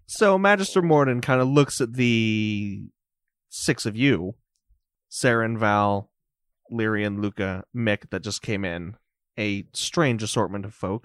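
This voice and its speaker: A man narrating a tabletop game as game master, slow and descriptive. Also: lowish voice, fairly bright tone, dry recording, clean studio sound.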